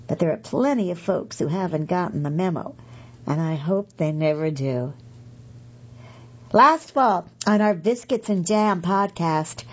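A woman's voice: on the low side, breathy edge, dull audio. A middle-aged woman reading magazine pieces aloud for a podcast, chatty and correcting herself with asides.

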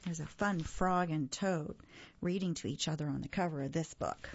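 A woman reading a children's story aloud for a reading service, in a gentle, clear storytelling manner. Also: deep voice, moderate pace, highs cut off, a little hiss or hum. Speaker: audio reader for a reading service.

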